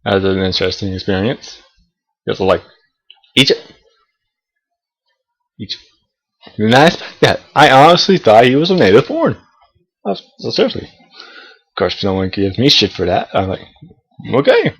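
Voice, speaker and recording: A young adult college student from the southern United States talks casually to camera in a vlog, rambling, swearing, and restarting hesitantly. His lowish voice is sing-song, fairly bright, and slightly rough, at a moderate pace with long pauses, on a rough recording.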